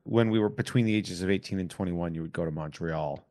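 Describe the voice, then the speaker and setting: A man's voice: sits low, fast talker, a little mellow. A middle-aged man hosting a podcast in casual chat, telling rambling stories that start over and wander. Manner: rambling, self-interrupting storyteller. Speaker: podcast host.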